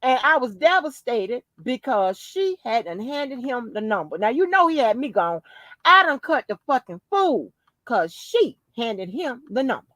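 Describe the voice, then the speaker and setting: A woman's voice: on the high side, unhurried, dry recording, low-quality recording. A woman hosting a podcast, telling a story in casual chat with lots of cursing and emphasis. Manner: profane, emphatic, animated storyteller. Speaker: podcast host.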